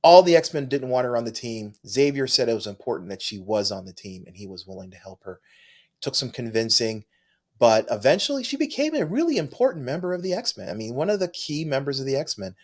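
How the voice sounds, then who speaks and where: Male co-host, casual comic talk, eager and rambling, mid pitch. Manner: enthusiastic, with frequent restarts. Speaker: podcast co-host. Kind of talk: casual chat.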